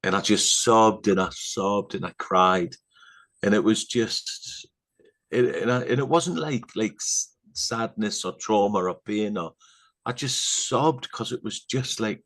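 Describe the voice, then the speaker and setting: Man, very low voice, middle-aged, rambling chat, lots of fillers, earnest and hushed at times. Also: measured pace, creaky. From England. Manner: rambling, full of fillers and asides. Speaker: podcast guest. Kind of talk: casual storytelling chat.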